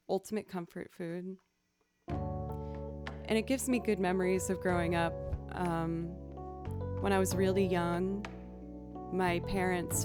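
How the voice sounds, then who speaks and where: A young woman streaming live, chatting casually with viewers, greeting them by name and laughing often. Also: lowish voice. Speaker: streamer and musician.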